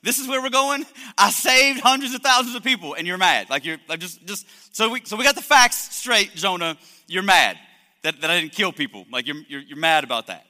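A man's voice: high-pitched, lively intonation, brisk, bright, forceful tone, pitched below the performer's own voice, heavily acted. A man preacher voicing God as wry and incredulous, teasingly questioning a sulking man, in an echoey hall.

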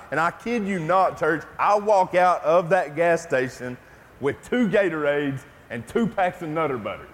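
A man's voice: on the high side, expressive, measured pace. A middle-aged man preaching a sermon as pastor, telling a personal story in a conversational way before speaking of the gospel. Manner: storytelling, conversational, then hushed and intimate in prayer. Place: church sanctuary. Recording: long church reverb.

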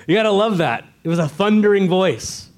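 A man preaching a sermon to his church, earnest and direct, asking the congregation rhetorical questions. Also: high voice. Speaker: pastor.

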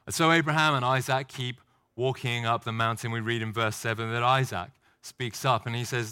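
A man's voice: medium pitch, fairly even intonation, a little fast, sharp tone, clear, resonant tone. A man preaching a sermon, telling a story and acting out short outbursts. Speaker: pastor.

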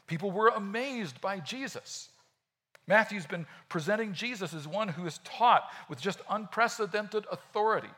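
A man preaching a sermon in a conversational, animated way, often acting out quotes. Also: sits high, normal speed. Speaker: pastor.

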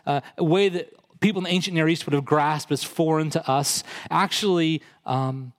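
A male pastor delivers a sermon, talking through scripture in a conversational manner. He builds in pitch and intensity when quoting and driving points home.

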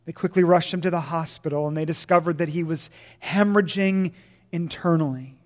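A man preaching a sermon as pastor, swinging from loud emphasis to hushed, slow lines. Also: on the high side, in a large hall.

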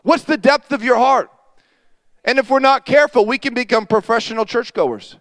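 A man preaching a sermon as pastor, telling a story with acted-out dialogue and dropping to a quiet voice for emphasis. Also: very high-pitched, moderate pace, dry recording. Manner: animated storytelling, acting out dialogue.

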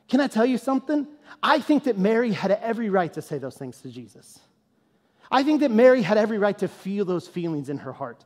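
High-voiced male pastor in a reverberant hall. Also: fairly quick. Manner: conversational, animated storytelling that turns to earnest, quieter teaching. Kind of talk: storytelling sermon.

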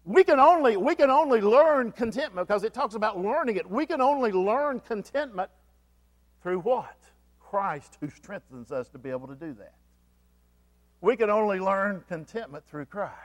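A man's voice: high voice, animated, moderate pace. A man preaching a sermon as pastor, asking the congregation questions and repeating key phrases for emphasis. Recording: long hall reverb.

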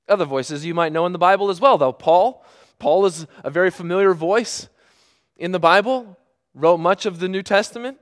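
A middle-aged man preaching a sermon, earnest, moving between hushed, drawn-out phrases and emphatic bursts. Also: a little high.

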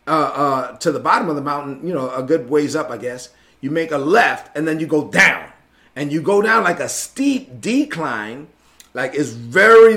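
A man from Brooklyn and the Dominican Republic, a preacher telling his personal testimony in an animated way, often asking "right?". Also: a little high. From Brooklyn, New York and the Dominican Republic.

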